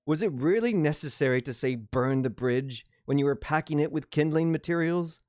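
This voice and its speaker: A man voicing a stout male staff officer who shouts in exasperation. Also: on the high side, normal speed, no room sound, clean studio sound, voice pushed up, lightly acted. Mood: exasperated.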